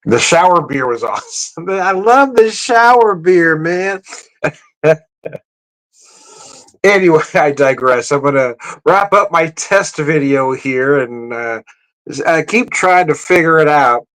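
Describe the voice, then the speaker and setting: A man's voice: slow pace, a bit bright, rough recording. A man hosting a casual beer livestream, rambling and chuckling, correcting himself as he talks. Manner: raises his voice high to mimic greetings. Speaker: beer vlogger.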